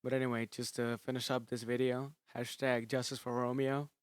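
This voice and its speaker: A man's voice: medium pitch, little pitch movement, fairly quick, clean tone, no room sound. A man doing casual video commentary, frustrated and complaining, swearing now and then. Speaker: gaming commentary YouTuber.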